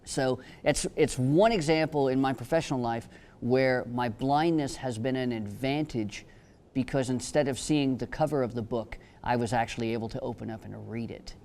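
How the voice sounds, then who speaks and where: An attorney on a panel tells wry stories and cracks jokes about his work in a humorous talk. His mid-range voice has a darkish tone and moves at a moderate pace, joking and storytelling throughout.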